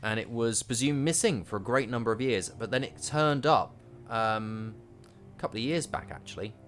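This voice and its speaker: A man's voice: medium pitch, normal speed, a bit bright. A man casually commentating his gameplay and chatting to his units, with game music behind. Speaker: streamer.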